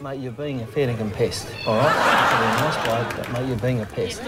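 Terse Aussie footballer amid loud crowd. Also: male voice, mid-range voice, fairly quick. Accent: Australian. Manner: laconic, terse, growing exasperated. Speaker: rugby league player. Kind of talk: casual chat. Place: outdoors among a crowd. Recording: crowd and loud noise outdoors.

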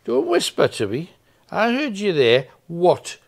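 A gravelly, high-pitched man speaks a little slowly, his pitch swinging hugely, as he leads a ghost hunt. Calling into an old building at night, he presses the spirits with questions, coaxing at first and later demanding.

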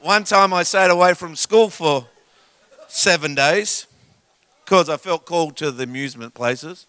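An Australian man preaching a sermon in a church service, telling comic stories and swinging from quiet asides to shouts. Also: on the high side, a little slow, no room sound. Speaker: guest preacher.

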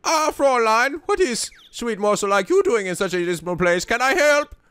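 A man's voice: extremely high pitch, big pitch swings, normal speed, fairly bright tone, no room sound, voice pushed up, exaggerated voice. A man putting on a flirtatious German charmer. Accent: put-on German. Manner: smooth, flirtatious, theatrical. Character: flamboyant suave German male prosecutor.

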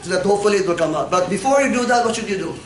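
High-voiced playful male lecturer. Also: animated, rapid-fire, noisy background. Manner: playful, quizzing students, frequent laughs. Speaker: anatomy lecturer. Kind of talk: classroom lecture. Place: classroom. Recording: echoey classroom from far off.

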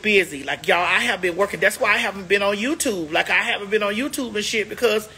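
A woman's voice: mid-range voice, fast talker, bright, forceful tone. A woman hosting a casual livestream, chatting to viewers in a sassy, emphatic way, stretching words out for effect. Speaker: livestream host.

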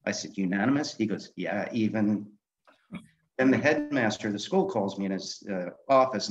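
A man's voice: on the low side, fairly quick, muffled recording. An older man, a guest author, telling candid stories from his life in a blunt, swearing way, laughing now and then. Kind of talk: storytelling interview.

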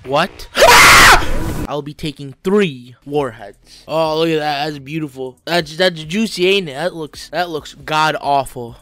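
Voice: medium pitch, a little slow, few pauses, shouting. A gaming YouTuber reacting to a horror game, jumpy, with sudden shrieks and constant claims of not being scared.

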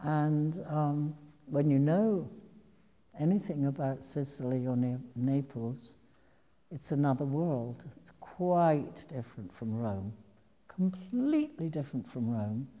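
An older actress tells a long, meandering story to a live audience. Her voice sits low and dark and the pace is unhurried. The sound carries the long reverb of a large hall. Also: animated. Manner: meandering, reflective storytelling with restarts. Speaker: actress telling stories to an audience. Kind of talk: anecdotal public talk.

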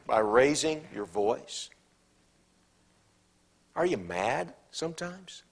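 A man with a Southern American accent preaching from the pulpit in a church. His voice sits a bit high for a man. He swings between ringing, emphatic declarations and soft, almost whispered asides. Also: very animated, a little slow, gravelly, slightly rough. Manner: swings from loud preaching to hushed, near-whispered quotes. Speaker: pastor. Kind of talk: sermon. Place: church sanctuary.

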